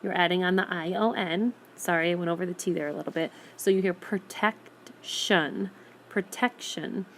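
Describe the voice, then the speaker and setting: A woman teacher giving a recorded phonics lesson on a tablet screencast, patiently and clearly sounding out each word. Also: fairly low pitch, fairly even intonation, fast talker, few pauses, a little hiss or hum. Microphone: tablet screencast microphone.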